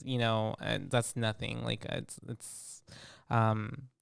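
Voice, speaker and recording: A man chatting loosely about a movie he just watched, his voice smooth and resonant. He mumbles and trails off, then perks up to play out a character's lines. The sound is close and dry. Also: mid-range voice, little pitch movement, no echo. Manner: laid-back, drops to mumbles, acts out characters in quick bursts. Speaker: podcast co-host. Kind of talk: casual movie recap chat.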